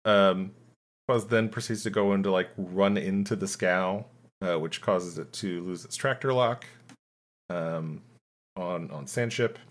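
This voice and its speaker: A man hosting a podcast, recapping a film plot in casual chat, halting with many ums and restarts. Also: sits low. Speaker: podcast host summarizing a film.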